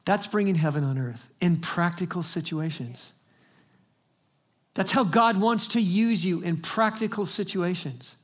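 A man's voice: sits high, a little slow. A man preaching a sermon as pastor, telling stories in a conversational way and building to emphatic exhortation.

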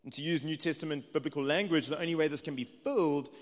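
A man's voice: fairly high pitch, fast. A man in his thirties with a South African accent, preaching a sermon in a conversational, earnest way. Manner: conversational, earnest, with restarts and asides. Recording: long reverb of a large hall.

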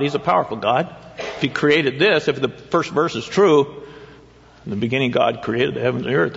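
A man preaches a sermon conversationally, often putting questions to the congregation. He has a mid-range voice with vocal fry. The recording sounds dull, with long hall reverb.

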